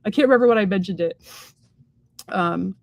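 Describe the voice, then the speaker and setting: A woman's voice: mid-range voice, brisk, creaky, highs cut off, slight background noise. A woman co-hosting a casual live stream, talking in a rambling, chatty way with lots of fillers and playful quoted voices. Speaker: psychic medium, stream co-host.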